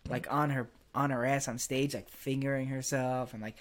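A young man hosts a casual podcast, telling crude, rambling stories and laughing often. His mid-range voice moves little in pitch and keeps a normal pace.

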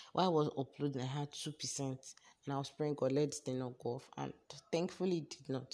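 A young woman with a Nigerian accent, speaking in a notably low, deep register. She tells her story casually and chattily, animated and a little exasperated, addressing her listeners directly as a podcast host.

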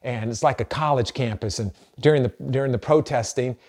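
A man's voice: mid-range voice, fairly quick, a little mellow. Middle-aged pastor guy preaching, earnest, talks like he's chatting, lots of restarts. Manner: earnest and conversational, with frequent restarts. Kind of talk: sermon.

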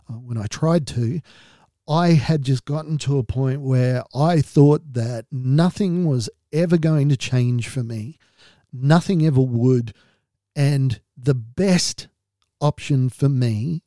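A man's voice: medium pitch, warm tone, no echo, clean studio sound. An Australian man hosting a podcast, talking candidly and earnestly about his own experience, with a wry edge. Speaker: podcast host. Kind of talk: personal podcast monologue.

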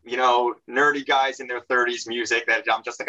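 A man's voice: medium pitch, level tone, a little fast, hardly any pauses, sharp tone, highs cut off. A middle-aged man guesting on a podcast, rambling and hesitant with lots of fillers and dry self-deprecating jokes. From Central New Jersey. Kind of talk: casual podcast chat.

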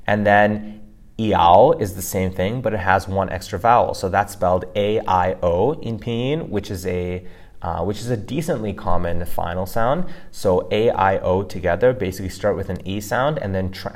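A man co-hosting a casual lesson podcast, explaining sounds step by step and often checking in with "right?". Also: low voice. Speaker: co-host teaching pronunciation.

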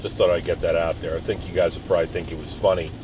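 A middle-aged man talking in a casual, rambling monologue, profane and given to sudden loud outbursts. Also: low-pitched, little pitch movement, fast talker. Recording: loud road noise behind.

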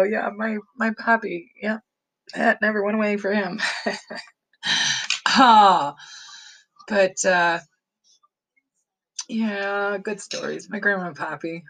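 A woman talking straight to her viewers in an easygoing, rambling monologue. She laughs often, trails off and restarts her sentences, and keeps a warm, chatty flow. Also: on the low side, poor audio. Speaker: vlogger. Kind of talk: casual storytelling monologue.

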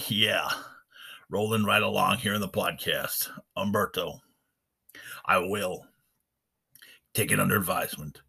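Male podcast host, deep and husky, folksy and rambling. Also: bright, forceful tone. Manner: rambling, folksy, lots of fillers. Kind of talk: casual unscripted podcast chat.

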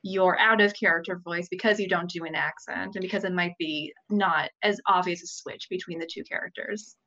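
A woman's voice: lowish voice, animated, brisk, vocal fry, bright, forceful tone, muffled recording. Curious woman asking follow-up questions. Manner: curious, asks follow-up questions, laughs easily. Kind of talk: casual podcast chat.

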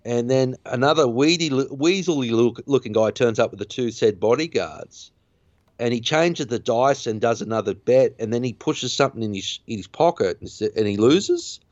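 A man's voice: medium pitch, lively intonation, moderate pace, a little mellow, no echo. A man hosting a podcast, casually retelling a film's plot in a rambling way, full of fillers and restarts. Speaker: podcast host. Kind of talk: casual film recap chat. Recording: dull lo-fi dry sound.

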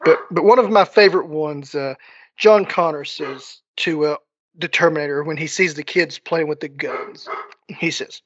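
A man hosting a casual podcast chat, enthusiastic and halting, leaning on fillers as he talks. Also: a little high, a bit bright, dry recording, highs cut off.

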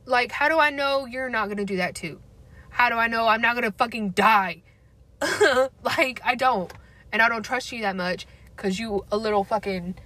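A woman's voice: fairly high pitch, pushed and bright, no room sound. A young woman ranting candidly, blunt and profane and laughing often. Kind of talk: candid casual rant.

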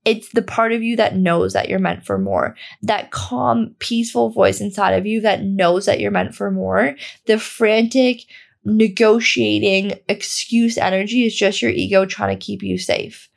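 A young woman talks through a self-help podcast episode in a loose, candid monologue. Her mid-range voice carries a gravelly fry. She swears without hesitation and fills her sentences with "like". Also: mid-range voice, a little slow. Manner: casual and candid, swears freely, heavy use of "like". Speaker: podcast host.

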